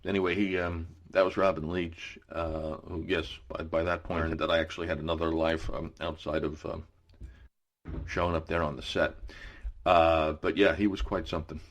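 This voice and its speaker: A man in his forties with a bass voice appears as a radio guest, telling casual anecdotes at a normal speed with a flat delivery. He rambles, using many fillers and restarting often.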